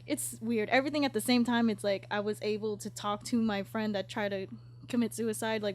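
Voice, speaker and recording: A woman's voice: a little high, a little hiss or hum. A woman in her twenties hosting a casual podcast chat, talking candidly, swearing freely and laughing often. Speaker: podcast host.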